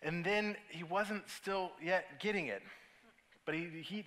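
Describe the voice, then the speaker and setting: A man preaching a sermon as pastor, telling stories in an animated way with acted asides. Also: high-pitched, measured pace, low-quality recording.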